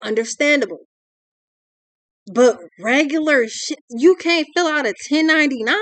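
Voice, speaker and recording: A woman's voice: fairly high pitch, brisk, fairly bright tone, no room sound. A young adult woman, giving a ranting tarot reading in a blunt, exasperated, profane way. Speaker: tarot reader.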